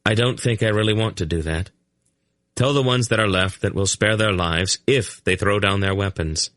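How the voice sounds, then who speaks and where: A man's voice: lowish voice, moderate pace, fairly bright tone, no echo, clean studio sound, close to an everyday voice. A man voicing an earnest, somewhat unsure young man leading a battle, asking direct questions. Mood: resolute.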